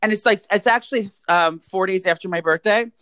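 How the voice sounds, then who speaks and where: A man's voice: sits high, fairly quick, sharp tone, no echo, rough recording. A young man co-hosting a podcast, talking in a crude, joking, rambling way. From US East Coast. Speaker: podcast co-host. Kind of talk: casual chat.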